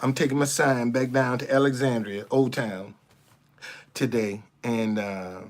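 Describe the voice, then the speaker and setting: A vlogger with a mid-range voice and steady tone speaks unhurriedly in an impassioned monologue to camera. He is blunt and heavily profane, repeats phrases for emphasis, and stammers over restarts as he gets worked up.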